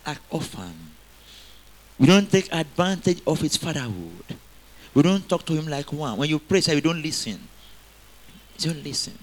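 A male pastor preaching a sermon, calling on the congregation to repeat after him and swinging between loud exhortation and quiet asides. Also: a little high. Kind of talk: sermon with call-and-response.

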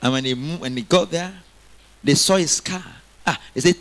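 A male pastor preaching a sermon, calling on the congregation to repeat after him and swinging between loud exhortation and quiet asides. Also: fairly high pitch, fairly quick. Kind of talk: sermon with call-and-response.

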